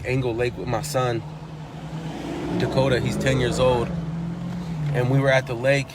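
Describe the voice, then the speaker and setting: A man's voice: mid-range voice, slight background noise. A man telling in earnest what he saw, repeating himself and restarting his sentences, his account growing more urgent. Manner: earnest, repetitive, grows urgent while retelling. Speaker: eyewitness. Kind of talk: emotional first-person recounting.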